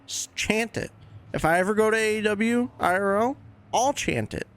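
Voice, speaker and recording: A man with a fairly high voice hosts a laid-back podcast. He talks in a chatty, candid way, with the odd swear word dropped in. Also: normal speed, fairly bright tone. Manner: chatty, candid fan opinions with casual swearing. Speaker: podcast host. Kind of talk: casual wrestling commentary podcast.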